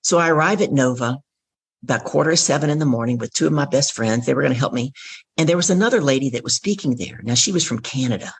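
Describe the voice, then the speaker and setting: A middle-aged woman tells her story with a lot of vocal fry, and her voice sounds rough and husky. She speaks as an interview guest and acts out each exchange as she goes. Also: extremely low pitch, animated, fast talker. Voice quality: gravelly, husky voice. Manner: vivid storyteller who acts out dialogue.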